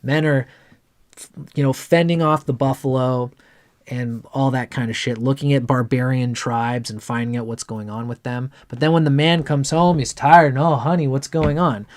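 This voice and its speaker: A man's voice: medium pitch, steady tone, normal speed. A man giving an astrology chart reading on a livestream, talking in a blunt, rambling way and swearing casually.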